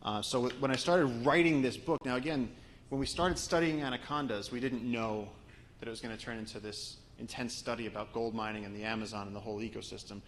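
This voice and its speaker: A man's voice: mid-range voice, fairly even intonation, fast, a little hiss or hum, rough recording. A man giving a storytelling talk to a live audience, sharing conversational anecdotes with frequent restarts. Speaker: guest speaker and author.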